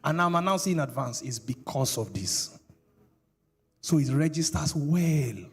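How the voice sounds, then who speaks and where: Man, pastor, middle-aged, husky voice, lively swooping pitch, sermon with audience questions. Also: unhurried. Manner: animated preaching with call-and-response and laughter.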